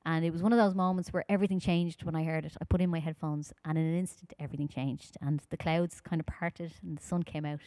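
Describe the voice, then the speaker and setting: A woman from Ireland with a Dublin accent, chatting quickly and informally with her audience between songs at a live-streamed concert. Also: sits low, fairly even intonation, mellow, no echo. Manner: talks fast, chatty and informal, with many fillers.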